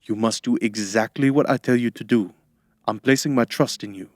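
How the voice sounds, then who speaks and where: A man's voice: mid-range voice, moderate pace, darkish tone, no echo, clean studio sound, natural voice. A man voicing a grave, commanding ritualist.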